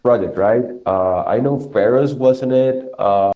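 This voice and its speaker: A man's voice: mid-range voice, slow, mellow. A man from Colombia with a Colombian Spanish accent, a native Spanish speaker, hosting a podcast and interviewing a guest with frequent hesitant fillers. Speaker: podcast host. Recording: echoey room.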